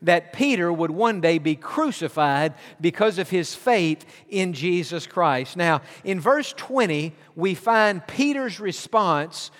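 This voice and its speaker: A man's voice: sits high, lively intonation, takes it slowly, few pauses, a bit bright. A male pastor delivering a sermon, preaching emphatically with repeated refrains. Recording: long reverb of a large hall.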